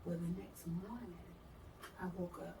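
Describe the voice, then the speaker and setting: Middle-aged woman, interview guest, animated storyteller who mimics others; distant mic, roomy sound. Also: a little slow, creaky. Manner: animated, acts out quoted voices with big pitch jumps. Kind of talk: personal storytelling. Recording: roomy, from far off the mic, faint noise.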